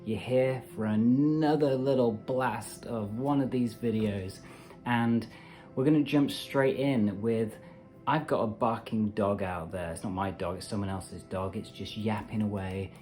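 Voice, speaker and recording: Man, meditation host, casual self-help talk, animated and chatty, faint music behind. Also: on the low side. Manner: animated, chatty, with playful asides.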